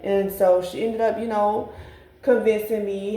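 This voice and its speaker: A woman's voice: mid-range voice, steady tone, measured pace, dark tone. A young woman telling a personal story to her viewers, candid and profane, speaking straight to them as y'all. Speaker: vlogger. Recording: echoey room.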